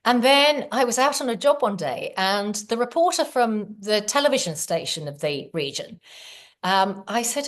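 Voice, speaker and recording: A woman's voice: fairly high pitch, lively intonation, moderate pace. Earnest middle-aged woman telling her story. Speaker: podcast guest. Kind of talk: casual storytelling.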